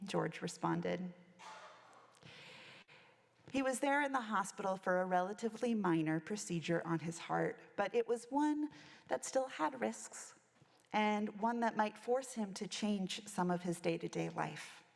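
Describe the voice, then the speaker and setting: A woman's voice: medium pitch, animated, a little slow, gravelly. A woman minister giving a reflective sermon, telling a story from her chaplaincy work. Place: church sanctuary. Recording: long church reverb.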